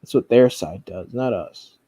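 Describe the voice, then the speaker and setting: A man's voice: lowish voice, measured pace, mellow, no room sound, muffled recording. A man giving casual, rambling commentary, swearing often and restarting his sentences. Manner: rambling, profane, frequent fillers and restarts. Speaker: commentary streamer.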